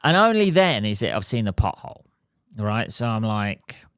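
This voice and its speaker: A middle-aged man hosting a podcast, telling a story as an animated, sweary rant. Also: fairly low pitch, normal speed, clean tone, dry recording, studio quality. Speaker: podcast host. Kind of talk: casual monologue.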